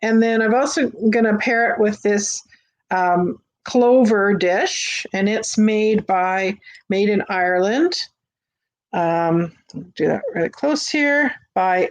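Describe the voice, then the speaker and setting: Slow-talking woman hosting a vintage sale. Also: mid-range voice. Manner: chatty, unhurried, with frequent fillers and restarts. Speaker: host of a live vintage sale. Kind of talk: casual live-stream selling. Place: home on a busy street.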